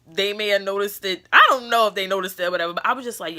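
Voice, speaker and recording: A woman's voice: fairly high pitch, lively intonation, fast talker, few pauses, sharp tone. A young adult woman, telling a story in a casual vlog, blunt and profane, acting out what people said. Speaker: beauty vlogger.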